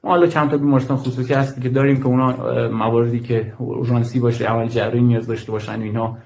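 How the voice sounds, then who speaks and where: A man who works with an aid group gives testimony in an interview. His voice is dark and mellow, and he speaks very fast. His delivery is formal, broken up by fillers. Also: medium pitch, flat delivery, creaky. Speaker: guest, aid worker.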